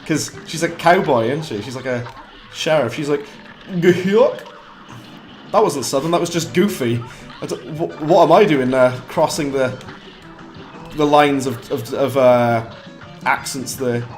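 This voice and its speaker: A British man giving chatty live commentary while streaming a game, mocking himself and breaking into quick bursts of frustration. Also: medium pitch, soft background music.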